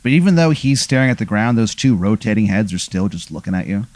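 A man hosting and improvising a comic hypothetical, rambling with many fillers and a deadpan delivery. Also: fairly low pitch, quick pace, no echo. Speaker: host posing a hypothetical. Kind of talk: improvised comedic storytelling.

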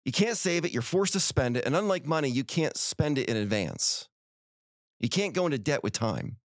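A man's voice: mid-range voice, very animated, normal speed, no room sound, clean studio sound. A middle-aged man hosting a podcast, giving an earnest, folksy motivational talk full of rhetorical questions. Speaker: podcast host.

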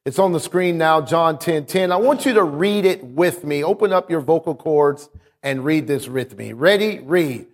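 A man's voice: a little high, lively intonation, normal speed. A male pastor preaching a sermon emphatically, calling on his congregation to respond. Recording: long reverb of a large hall.

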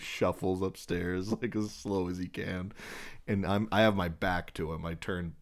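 A young man co-hosting a casual podcast, telling crude anecdotes in an animated way, often laughing. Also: low voice, measured pace. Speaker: podcast co-host. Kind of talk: casual chat, storytelling.

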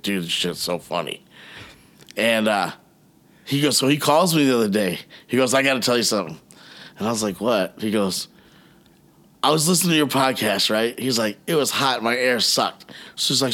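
Animated man telling stories, lively pitch. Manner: animated storyteller, swears freely, acts out quotes. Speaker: podcast co-host. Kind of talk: casual chat.

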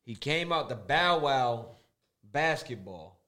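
A man with a medium-pitched voice chatting casually about a fight. He talks in loose slang and keeps slipping into the voices of the people in his stories. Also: animated, slow pace, bright, forceful tone. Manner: slangy, storytelling with quoted voices. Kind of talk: casual chat.

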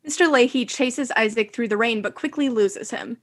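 Woman, somewhat high voice, casual podcast co-host, dry, brisk. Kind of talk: casual chat recapping a TV episode.

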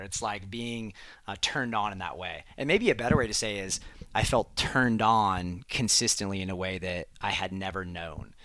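A man's voice: lowish voice, pushed and bright, no room sound. A man hosting a podcast, telling a personal story in a casual, reflective way, with lots of fillers. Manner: reflective, earnest, frequent fillers like "like" and "um". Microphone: headphones and studio mic.

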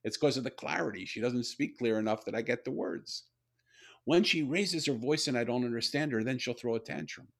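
An older man, a guest author, telling a story in a conversation, animated and often repeating and restarting his words. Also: mid-range voice, brisk, creaky.

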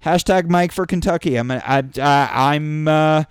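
A high-pitched man delivers a fast, profanity-laced rant, flaring into shouted outbursts. His voice is smooth and clear, recorded close and dry with no room sound. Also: no echo. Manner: angry, sweary, ranting with bursts of shouting. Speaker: vlogger. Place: indoors during a thunderstorm.

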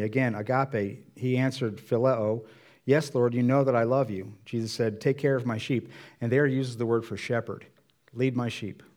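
A man's voice: mid-range voice, darkish tone. Man preaching a conversational sermon. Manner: conversational preaching, acts out Bible dialogue in voices. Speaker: pastor.

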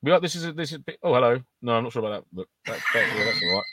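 A man's voice: mid-range voice, lively intonation, rapid-fire, very noisy. A man co-hosting a podcast, joking and teasing his co-hosts in casual banter. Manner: teasing, jokey. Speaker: podcast co-host.

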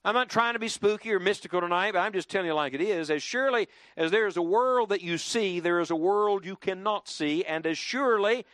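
A man's voice: high-pitched, a little fast, hardly any pauses, a bit bright, no echo, studio quality. A man preaching a sermon to a church congregation, swinging his voice up and down for emphasis and leading the crowd in call-and-response.

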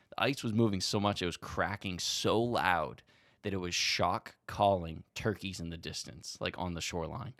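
Deep-voiced man telling a fishing story. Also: moderate pace, no room sound, studio quality. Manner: animated, swears freely, acts out quotes. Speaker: podcast co-host. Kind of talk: casual storytelling chat.

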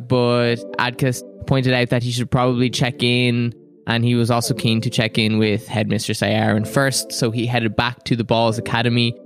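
Relaxed male game master, mid pitch, faint music bed. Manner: relaxed, laughs often. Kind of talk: narrating a tabletop game. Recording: soft music behind.

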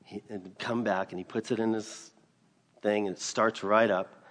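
A man preaching a sermon, mixing scripture with a personal story. He speaks earnestly and gets emphatic, with sudden loud bursts on key lines. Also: on the low side, fairly even intonation, normal speed. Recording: long reverb of a large hall.

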